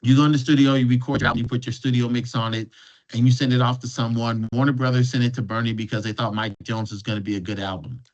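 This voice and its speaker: A man's voice: medium pitch, little pitch movement, fast. Man telling stories, dull lo-fi recording. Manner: restarts and repeats words while telling a story. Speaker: guest speaker. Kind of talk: conversational storytelling.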